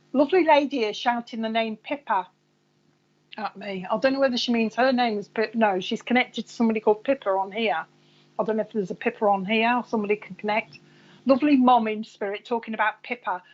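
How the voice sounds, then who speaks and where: A woman's voice: a little high, brisk, highs cut off. A woman psychic medium giving live readings to viewers, chatty and rambling, calling people by name.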